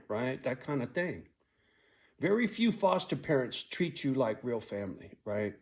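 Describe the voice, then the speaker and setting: A man's voice: medium pitch, animated, moderate pace. A middle-aged man telling a personal story in a blunt, casual way, swearing a lot and often tagging his lines with "right?". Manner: blunt, heavy swearing, frequent "right?" tag; angry when telling the story, quiet and weary when reflecting.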